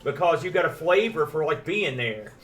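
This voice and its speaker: A man's voice: a little high, expressive, normal speed, a bit bright, distant mic. A man co-hosting a live stream, chatting casually and enthusiastically with frequent restarts. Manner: rambling, enthusiastic, many restarts. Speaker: podcast co-host. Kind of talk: casual chat.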